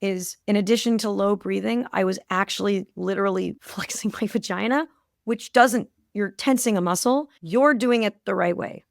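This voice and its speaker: A woman's voice: medium pitch, moderate pace, creaky, no echo, studio quality. A woman in her thirties, a guest in a casual interview, telling stories with animation and acting out the voices of people she quotes.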